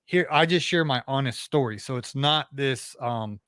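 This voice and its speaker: A man in a middle-range voice talks earnestly and at length, restarting his sentences as he goes. The sound is dry and close, with no room around him. It is a relaxed, casual interview exchange. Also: mid-range voice, moderate pace, no echo. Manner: earnest, talkative, many restarts. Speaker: podcast host, interview guest.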